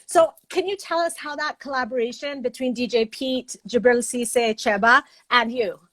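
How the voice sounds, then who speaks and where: A woman's voice: fairly high pitch, normal speed, fairly bright tone. A woman hosting a show, asking interview questions in a friendly, conversational way. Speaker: radio show host.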